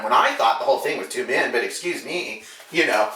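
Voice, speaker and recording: Guy hairdresser ranting a story, cussing, bright voice, echoey room, mic kinda far. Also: medium pitch, fairly quick, few pauses. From Alaska. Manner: animated, profane, acts out quotes. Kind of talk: casual storytelling.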